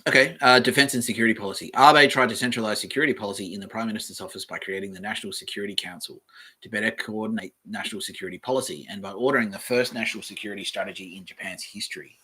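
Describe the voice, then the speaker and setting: A man hosts a podcast from home, reading from a screen and breaking off into joking asides. His voice is low and husky with a tense, forceful edge. His words often sink into mumbles. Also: rapid-fire. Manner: offhand, joking, trails off into mumbles. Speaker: podcast host. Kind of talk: rambling casual commentary while reading aloud.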